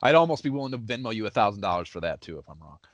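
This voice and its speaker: A man co-hosting a casual gaming podcast, talking in an animated, profane way and laughing often. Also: on the low side, racing, a crowd in the background. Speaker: podcast co-host.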